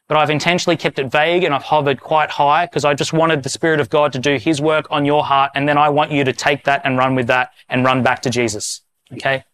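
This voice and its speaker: Smooth-voiced male pastor preaching. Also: fairly high pitch, a bit bright. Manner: casual, self-deprecating preaching; slow, solemn liturgical reading. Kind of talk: sermon with led prayer.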